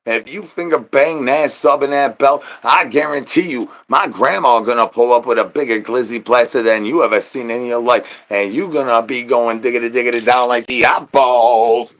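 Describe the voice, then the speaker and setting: A man's voice: medium pitch, normal speed, few pauses, a bit bright. A man streaming live, rambling in goofy slang with sing-song nonsense rhymes. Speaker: livestreamer. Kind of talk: rambling livestream chat.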